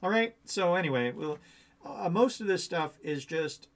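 A man's voice: sits high, animated, moderate pace. A man hosting a coding tutorial, talking through a screen-share walkthrough in a casual, rambling, thinking-aloud way.

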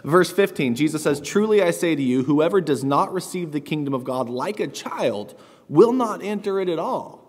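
A man's voice: fairly high pitch, animated, normal speed. Man preaching a sermon in a reverberant church. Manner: earnest, warm storytelling with light laughs and fillers. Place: church sanctuary. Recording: long church hall reverb.

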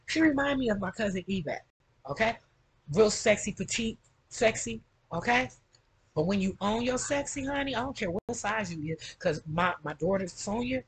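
Very husky woman rambling to camera. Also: medium pitch, rough recording. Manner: rambling, tags nearly every phrase with "okay?". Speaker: vlogger. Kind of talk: casual chat to camera.

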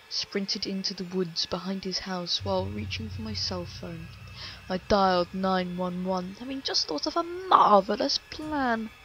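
A woman narrating a horror story in first person, reading in an even, measured way. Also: mid-range voice, low-quality recording.

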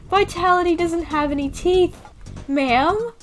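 Young female gaming creator, casual play-along commentary; excitable and playful, slightly high-pitched. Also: unhurried, faint music behind. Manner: excitable, playful, gasps and mock panic.

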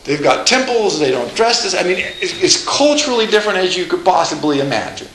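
A man lecturing a college class live, lively and joking, with asides and frequent restarts. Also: high-pitched, a little fast, slight background noise. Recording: echoey lecture room.

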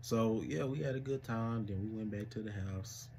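A young man co-hosting a casual storytime, relaxed and playfully teasing his partner. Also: lowish voice, moderate pace, gravelly, slight background noise. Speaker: co-host telling a couple's story.

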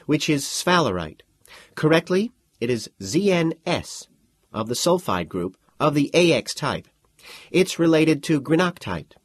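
A man voicing a sharp-witted, defiant young woman student who answers in a cool, precise, sardonic way, in a husky, dry audiobook read. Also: on the high side, big pitch swings, unhurried, dry recording, voice pushed up, heavily acted. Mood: steady, defiant.

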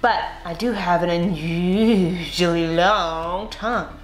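A woman's voice: lowish voice, slow pace. A woman voicing a big, scruffy boy monster who slurps and whines in a storybook read-aloud. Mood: slurping, gruff. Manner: slurping and whiny. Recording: echoey room, faint music.

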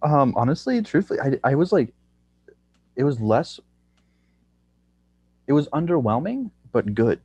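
A young man with a husky, slightly breathy voice chats on a podcast. He rambles loosely and breaks into laughter often. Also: medium pitch, very animated, a little slow, long pauses, darkish tone, dry recording, muffled recording. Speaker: comedian guest. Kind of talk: casual podcast chat.

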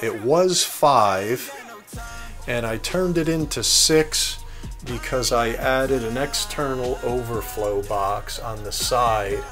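Over background music, a New Jersey man hosts a reef tank hobby video from his indoor tank studio, speaking at a medium pitch and a slow pace. He chats casually and answers viewer questions, addressing his audience directly as "guys."

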